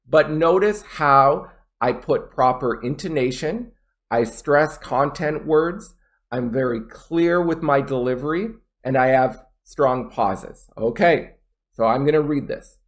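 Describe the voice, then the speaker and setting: A man teaching English test pronunciation, a native speaker explaining tips and demonstrating in a slow, deliberate way. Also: mid-range voice. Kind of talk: pronunciation lesson.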